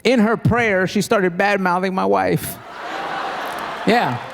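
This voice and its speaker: A man performing stand-up comedy, telling animated, mock-exasperated stories on a stage mic before a live audience. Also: sits high, takes it slowly, gravelly. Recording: live crowd and noise.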